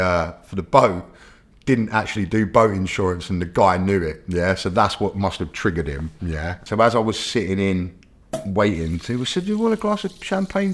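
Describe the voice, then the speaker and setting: A British man casually telling his own story in an interview, chatty, full of fillers, and often checking in with the listener. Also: sits low. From Britain.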